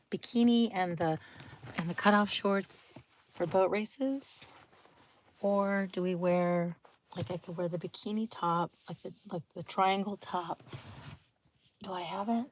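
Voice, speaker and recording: A woman's voice: fairly low pitch, a little slow, slight background noise. Chatty woman, often whispering. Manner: rambling, thinks aloud. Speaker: livestream host. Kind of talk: casual live chat with viewers.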